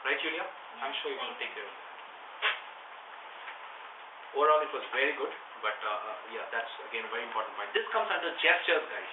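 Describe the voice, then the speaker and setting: A man in his thirties teaching public speaking in a workshop, animated and coaxing, now and then raising his voice loud for stress. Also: medium pitch, quick pace, long pauses. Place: meeting room. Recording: echoey room from far off, phone-like, noisy.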